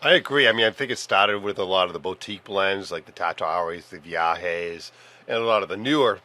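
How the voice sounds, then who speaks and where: A man's voice: low-pitched, fairly quick, pushed and bright. A man co-hosting a podcast, chatting casually in an easygoing way with many fillers. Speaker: podcast co-host. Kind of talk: casual chat.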